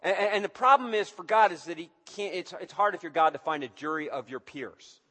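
Male preacher, high voice, animated sermon delivery, long hall reverb. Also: a little fast, husky. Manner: animated, acts out quotes in a raised voice. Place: church service.

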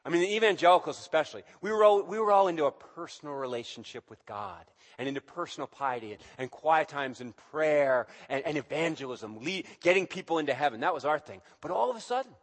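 Male preacher, high voice, animated sermon delivery, long hall reverb. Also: fast, few pauses. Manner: animated, acts out quotes in a raised voice. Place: church service.

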